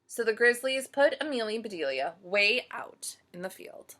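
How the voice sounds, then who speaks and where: A woman storyteller reading a picture book aloud to children, pausing to ask them questions. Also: fairly high pitch, a little hiss or hum. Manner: slow, animated, asks listeners questions.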